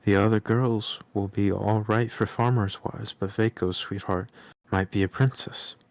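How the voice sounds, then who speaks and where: A man voicing a gentle, hearty old farmer father while reading a storybook aloud. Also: fairly low pitch, steady tone, a little slow, gravelly, no room sound.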